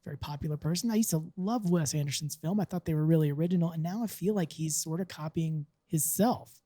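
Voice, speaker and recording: A man's voice: on the high side, fast talker, mellow, no echo, clean studio sound. A man co-hosting a casual podcast chat, sharing opinions as he thinks aloud. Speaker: podcast co-host.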